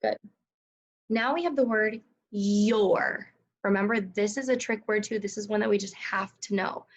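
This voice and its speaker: A woman teaching a recorded second grade phonics lesson, enunciating sounds slowly and clearly, praising and prompting her pupils. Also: medium pitch, lo-fi sound, slight background noise. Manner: slow, clearly enunciated, encouraging teacher talk.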